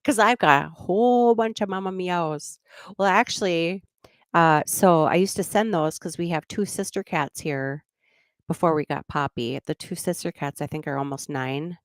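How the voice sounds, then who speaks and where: Low-voiced chatty woman host. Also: normal speed, no room sound, studio quality. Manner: rambling, laughs often, slips into goofy voices. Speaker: true crime channel host. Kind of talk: casual livestream chat.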